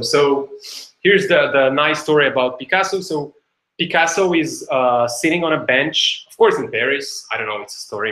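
A man's voice: mid-range voice, sharp tone, roomy sound, rough recording. Chatty man teaching a webinar. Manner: chatty, many fillers and "okay?" checks. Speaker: webinar teacher, company co-founder. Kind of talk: online webinar lesson.

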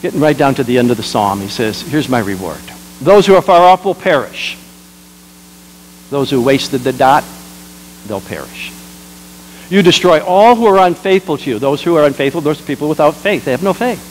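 A man, a pastor, preaching a sermon, jumping between loud exclamations and quiet asides and leading the congregation in repeating lines. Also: a little high, expressive, moderate pace, slight background noise, low-quality recording. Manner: leads the congregation in call-and-response.

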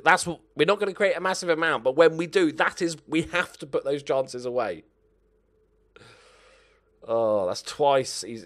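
Mid-range and a bit bright, this young man's voice accompanies his play of a football management game on his gaming channel, where he mutters away to himself and curses at his players while commenting.

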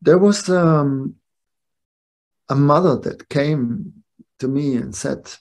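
Gravelly-voiced older man teaching. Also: fairly high pitch, slow pace, a little mellow. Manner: reflective, keeps checking in with "yeah?" and "no?". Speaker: spiritual teacher. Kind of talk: spiritual talk to a live group.

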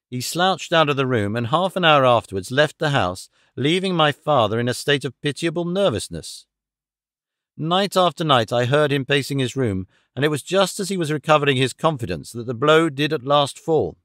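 A man narrating a classic story as an audiobook reader, with a measured storytelling delivery. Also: on the high side, expressive, fairly bright tone, no room sound, clean studio sound. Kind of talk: scripted narration.

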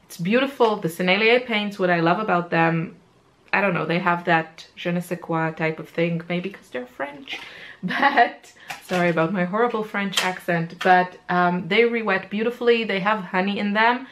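A woman's voice: mid-range voice, normal speed, fairly bright tone, a little hiss or hum. A woman chatting casually about her favorite paints, enthusiastic and full of ums, often repeating her praise. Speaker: art supply reviewer. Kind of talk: laid-back chatty product talk.

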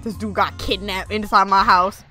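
A woman commentating her own gameplay, reacting loudly and giggling, sometimes voicing the characters. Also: medium pitch, steady tone, normal speed, faint music behind. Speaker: gamer. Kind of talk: let's play commentary.

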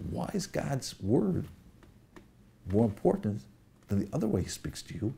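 A man's voice: a little high, gravelly, a little mellow, slight background noise, voice pushed up, heavily acted. A man voicing a sly, persuasive male serpent who tempts with coaxing rhetorical questions.

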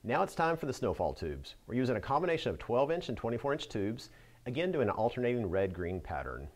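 A man's voice: medium pitch, big pitch swings, quick pace. A man narrating a scripted how-to as a Christmas lighting expert answering a viewer question, with an upbeat instructional delivery.

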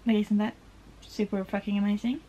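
A woman's voice: medium pitch, flat delivery, a little fast, warm tone, dull audio, a little hiss or hum. A young woman from Norway chatting about books she loved, emotional and rambling with lots of "like"s. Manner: gushing, emotional, rambling with many "like"s. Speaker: book vlogger. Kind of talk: casual book tag vlog.

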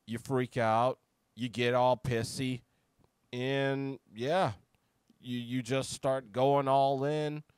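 A man's voice: mid-range voice, clean tone, no room sound. A man delivering a heated, profane reaction rant as a YouTube commentator. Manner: heated, profane, shouty outbursts.

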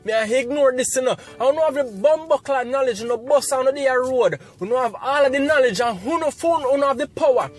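A man's voice: very high-pitched, fairly quick, hardly any pauses, soft background music. A man with a Jamaican accent delivering a heated, preachy commentary rant, firing off rhetorical questions and repeating himself for emphasis. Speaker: online commentator.

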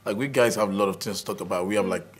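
A man from Africa, a stand-up comedian talking loosely and in an animated way about his comedy. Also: fairly low pitch, racing, slight background noise. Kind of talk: casual interview talk.

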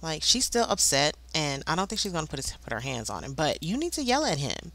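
A woman hosting a life-simulation game let's play, chatting casually and voicing the characters in quick asides. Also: low voice, big pitch swings, a bit bright, slight background noise. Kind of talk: casual gameplay commentary.

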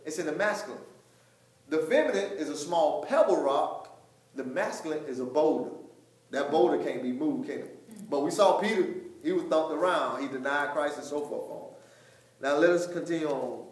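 A man with a fairly high voice teaching a Bible study, repeating his words and hammering key points loudly before dropping into quiet asides. His voice rings in an echoey room. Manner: emphatic, repeats words, swings between loud stresses and quiet asides.

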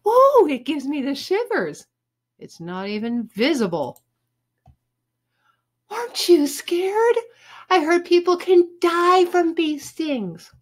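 A woman's voice: very high-pitched, big pitch swings, takes it slowly, long pauses, voice pushed up, heavily acted. A woman reading aloud voices an adoring fourth-grade girl who coos and fusses. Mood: gushing. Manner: breathy cooing.

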